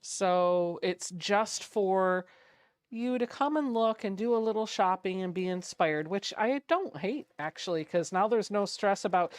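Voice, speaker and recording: A woman's voice: mid-range voice, measured pace, smooth, no echo. Chatty woman quilting on a livestream. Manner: chatty, reads out viewer comments, hums little sound effects while working. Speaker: quilting channel host. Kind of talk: casual livestream chat while sewing.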